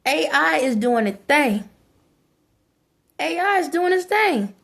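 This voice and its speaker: A high-pitched woman rants straight at her viewers. Her talk is preachy and scolding, hammering points home by repeating them. It is casual, unscripted vlog talk. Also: lively intonation, slow, vocal fry, fairly bright tone. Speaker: vlogger. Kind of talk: ranting monologue to camera.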